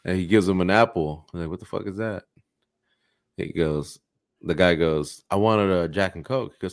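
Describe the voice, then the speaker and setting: Man, low voice, dry sound, casual swearing, joke storyteller. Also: normal speed, dry recording. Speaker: podcast co-host. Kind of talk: casual comedic chat.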